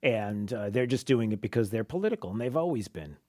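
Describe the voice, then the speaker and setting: A man's voice: lowish voice, lively intonation, a little fast, a little mellow. A man hosting a talk radio show, rambling and laughing, often breaking off mid-sentence.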